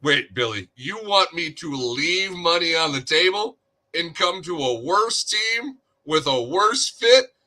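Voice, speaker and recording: A man's voice: a little high, expressive, slow pace, pushed and bright, pitched above the performer's own voice, exaggerated voice. A man putting on the voice of an exasperated pro basketball player who pleads in disbelief. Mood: incredulous. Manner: incredulous, pleading.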